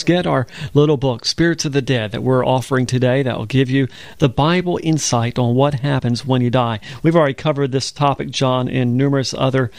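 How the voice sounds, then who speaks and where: Bible show co-host, man with a gravelly voice, earnest, dry studio sound. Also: mid-range voice, a little mellow, dry recording. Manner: earnest storytelling, quotes scripture. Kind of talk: conversational religious broadcast.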